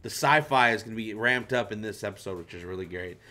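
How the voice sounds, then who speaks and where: Bright-voiced male livestream host. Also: on the low side, quick pace, few pauses, soft background music. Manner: loose, chatty, swears casually. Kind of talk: casual live chat reading viewer comments.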